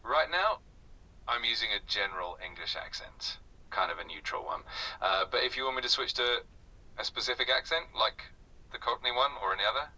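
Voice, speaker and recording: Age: adult. Sex: male. Role: AI conversation tutor. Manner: upbeat, smooth explanations. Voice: bright, husky. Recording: played through a speaker, heard from a distance. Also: medium pitch, lively intonation, fairly quick. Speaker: AI conversation partner.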